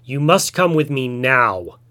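A man voicing a proud, truthful male tiger who is quick to anger and demands things, in a told folk tale. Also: medium pitch, sing-song, sharp tone, exaggerated voice. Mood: angry. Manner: roaring, demanding.

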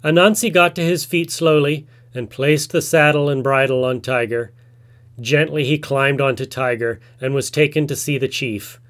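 A man narrating a folk tale in a measured, expressive storytelling manner. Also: mid-range voice.

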